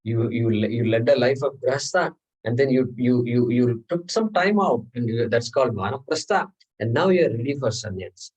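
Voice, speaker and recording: Speaking fairly quickly with lively intonation, this man has a medium-pitched, darkish, husky voice on a low-quality recording. He's lecturing a scripture class in a classroom, breaking ideas down step by step, frequently asking "okay?" and raising rhetorical questions.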